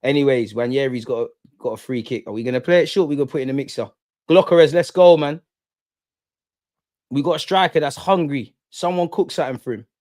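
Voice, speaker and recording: A man's voice: mid-range voice, a little fast, darkish tone, no room sound. A young man hosting a live football watch-along, reacting passionately with slang, banter and frequent swearing. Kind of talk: live match reaction commentary.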